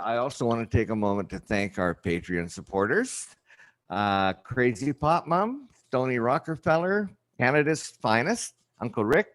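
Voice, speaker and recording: A man hosting a casual livestream chat, rambling and halting with many fillers. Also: mid-range voice. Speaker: show host.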